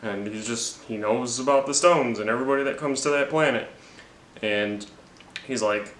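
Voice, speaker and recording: A man's voice: medium pitch, normal speed, fairly bright tone, slight background noise. A man giving a rambling, jokey, profane movie recap. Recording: roomy with faint ambience.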